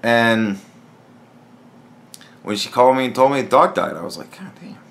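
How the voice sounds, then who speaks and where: A man's voice: medium pitch, big pitch swings, moderate pace, vocal fry, a bit bright. A man talking alone in a casual podcast monologue, blunt and profane, rambling with frequent restarts. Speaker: podcast host.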